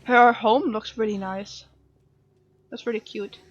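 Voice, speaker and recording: A woman's voice: on the high side, fairly even intonation, a little slow, dull audio. A woman playing a story game and chatting along with sympathetic reactions. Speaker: gaming streamer. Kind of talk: let's play commentary.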